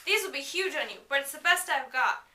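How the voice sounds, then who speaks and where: A woman's voice: high-pitched, expressive, a little fast, sharp tone. Woman reading as an urgent, worried teenage boy. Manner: urgent, pleading. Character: anxious protective teenage boy. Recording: echoey room from far off.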